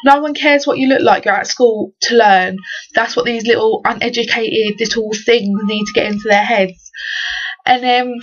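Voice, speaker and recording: A woman's voice: a little high, moderate pace. A teenage girl from England, telling stories in an exasperated, slangy rant for a vlog. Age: teens. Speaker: vlogger. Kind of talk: casual ranting story. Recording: dull lo-fi webcam audio.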